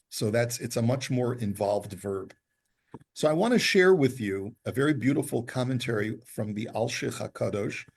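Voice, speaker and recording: A man giving a Torah class, his voice gravelly with a husky, slightly rough edge. He reads Hebrew text aloud and then unpacks it line by line in a patient, explanatory way. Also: medium pitch, darkish tone. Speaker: Torah teacher.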